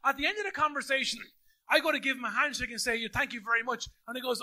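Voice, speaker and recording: An Irish man preaching in a church, a pastor who tells funny stories and acts out every line of dialogue. His voice sits very high and sounds bright and forceful. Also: fast. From Ireland. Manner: animated, jokey storyteller who acts out dialogue. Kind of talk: sermon storytelling. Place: church auditorium.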